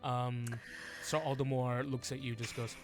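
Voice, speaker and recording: A man narrating as game master, halting with many fillers and restarts. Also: mid-range voice, flat delivery, over music.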